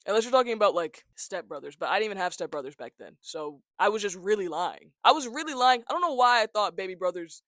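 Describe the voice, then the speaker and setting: A man's voice: high-pitched, animated, quick pace, few pauses, fairly bright tone, no room sound. A nineteen-year-old man chatting casually to camera, a little congested, joking and self-mocking as he talks into a tiny handheld mic held close. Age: young adult. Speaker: vlogger. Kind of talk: casual talking-head chat. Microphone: small handheld mic, close.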